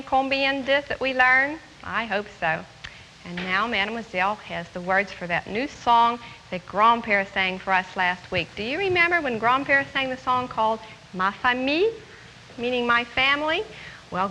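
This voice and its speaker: A woman teaching young children French words and a song, speaking slowly and clearly and repeating each phrase. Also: a little high, bright, forceful tone, a little hiss or hum. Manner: slow, clearly enunciated, patient, repeats words; sings song lines. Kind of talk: children's language lesson. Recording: long hall reverb with faint music.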